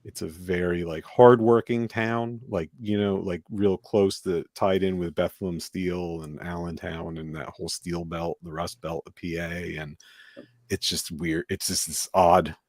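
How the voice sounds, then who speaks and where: Gravelly low-voiced man chatting casually. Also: steady tone, unhurried, darkish tone, dry recording, clean studio sound. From United States. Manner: rambling, full of fillers and restarts. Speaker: podcast host. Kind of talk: casual chat.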